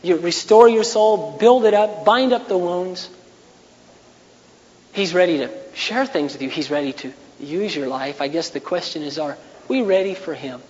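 A man preaching a sermon in an earnest way, now and then rising into loud, raised passages. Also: high-pitched, a little slow, long reverb tail, muffled recording, slight background noise. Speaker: pastor.

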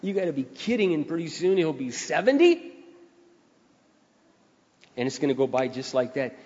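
A male pastor preaching a sermon, repeating key phrases and swelling louder to drive them home. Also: fairly high pitch, sing-song, moderate pace, long pauses. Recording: dull sound, long hall reverb.

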